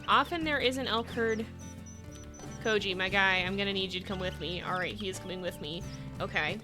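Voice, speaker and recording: A woman's voice: medium pitch, brisk. Chatty woman streamer over game music. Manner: chatty, giggly, talking to her animals on screen. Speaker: gaming streamer. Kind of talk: live game commentary. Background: background game music.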